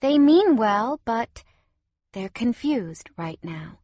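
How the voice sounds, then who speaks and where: A woman's voice: fairly high pitch, sing-song, takes it slowly, warm tone, no echo, muffled recording, pitched above the performer's own voice, heavily acted. A woman voicing a hurt but defiant young widowed mother in an audiobook, emotional and firm. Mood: tender.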